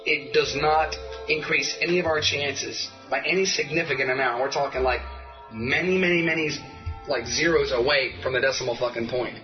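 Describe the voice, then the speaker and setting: A man co-hosting a talk show, ranting in a heated, profane comedic way that climbs into yelling. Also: medium pitch, normal speed, dull audio, soft background music. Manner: heated, swearing, builds to shouting.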